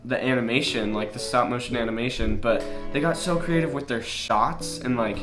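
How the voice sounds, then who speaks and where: A man's voice: medium pitch, normal speed. A young man in his late teens chatting casually to camera, rambling and poking fun at himself. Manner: rambling, self-mocking, goofy. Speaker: vlogger. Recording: echoey room with guitar music.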